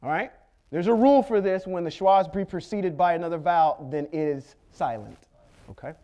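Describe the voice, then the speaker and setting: A man's voice: high voice, animated, brisk, warm tone, lo-fi sound. A man giving a Torah study lesson, walking through Hebrew letters and vowels patiently, checking in with "okay?" and tossing in small jokes. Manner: patient, step-by-step explaining with frequent "okay?" checks. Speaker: Bible teacher.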